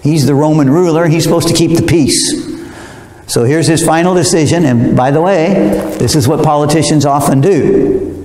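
A man's voice: fairly high pitch, normal speed, a little mellow. A male preacher teaching a verse-by-verse Bible sermon in a conversational, digressive way, speaking directly to his listeners. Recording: roomy hall reverb.

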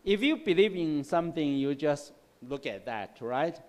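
A male English teacher giving a classroom lecture on word roots, explaining slowly and repeating himself, often checking with "right?" and "okay?". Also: a little high, lively intonation. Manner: slow, repetitive explaining with frequent "right?" and "okay?". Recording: long hall reverb in a classroom.

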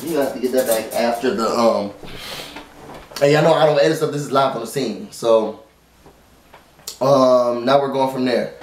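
Speaking at a normal speed but pausing often, a medium-pitched man recaps a TV episode from home while his dog is nearby. The vlogger keeps it informal, says y'all to his viewers, and rambles with many fillers and restarts. The sound is roomy, with a little hiss or hum.

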